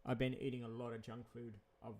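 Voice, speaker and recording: Aussie guy rambling on in a vlog, repeats himself a lot, chuckles here and there, medium pitch. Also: completely flat delivery, fairly quick, darkish tone. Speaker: vlogger. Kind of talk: casual rambling monologue.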